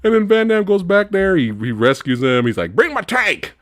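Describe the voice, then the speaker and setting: A man hosting a casual movie review chat, animated, laughing often and acting out characters in high voices. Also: brisk, dry recording, studio quality. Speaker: host.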